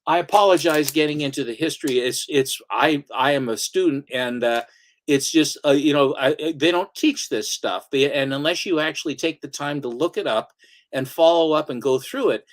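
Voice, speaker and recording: A man's voice: fairly high pitch, normal speed. A man hosting a casual chat about comics, rambling through stories with many restarts and asides. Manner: rambling storyteller, restarts, slips into comic voices. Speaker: comic shop owner and channel host.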